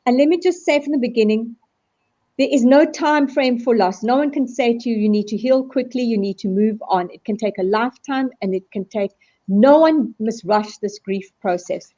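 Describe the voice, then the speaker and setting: A woman's higher-pitched, mellow voice comes through muffled, lo-fi video call audio. She talks animatedly as a guest, slipping into quoted voices to make her points. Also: moderate pace. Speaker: guest speaker on resilience. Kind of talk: live video call discussion.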